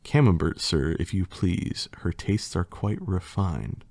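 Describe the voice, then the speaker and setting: A polite, begging storybook mouse, low, slow and gravelly, as a man reads him out. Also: lively intonation, a little mellow, no echo, full character voice. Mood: pleading. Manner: polite, begging, old-fashioned. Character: hungry, pleading little male mouse.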